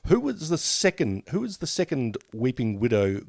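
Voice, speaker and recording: Man, podcast co-host, bouncy animated voice, jokes and laughs a lot, dry close sound. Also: medium pitch, moderate pace, gravelly, no echo. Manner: animated, jokey, laughs often. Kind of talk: casual chat, trivia quiz.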